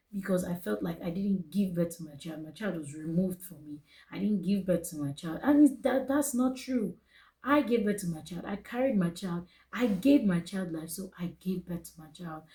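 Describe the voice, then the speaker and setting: Earnest Nigerian woman, mellow voice. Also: medium pitch, rough recording. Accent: Nigerian English. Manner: earnest, emotional, repeats phrases for emphasis. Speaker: vlogger. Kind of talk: personal storytelling to camera.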